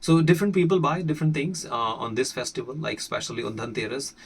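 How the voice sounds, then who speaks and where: A man from India with an Indian accent, an English teacher explaining casually, pausing often with fillers. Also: mid-range voice, creaky, slightly rough. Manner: explains with many pauses and fillers. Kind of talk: casual spoken lesson. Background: faint fireworks.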